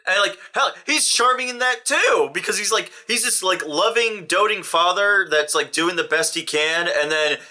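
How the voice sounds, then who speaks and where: Bright-voiced young man ranting. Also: high-pitched, moderate pace, few pauses. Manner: animated, ranting, slips into impressions. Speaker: co-host reviewing a film. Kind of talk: casual chat.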